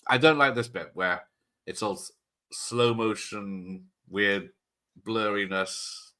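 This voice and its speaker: Jokey host, slightly low voice with a bright edge, rambles happily through live commentary. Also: male voice, slow. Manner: chatty, joking, rambling tangents. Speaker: watch party host. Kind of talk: casual live-stream commentary.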